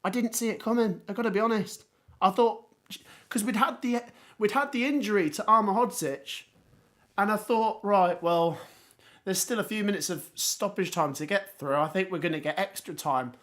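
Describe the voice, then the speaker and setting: A man hosting a live football watchalong, hoarse with his voice going, reacting in excited exclamations. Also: high-pitched, moderate pace. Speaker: livestream watchalong host.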